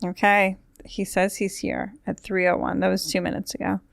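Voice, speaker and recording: Woman, podcast host, rambling casual chat, wry asides, smooth clear voice, dry close sound. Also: medium pitch, little pitch movement, normal speed, dry recording. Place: recording studio.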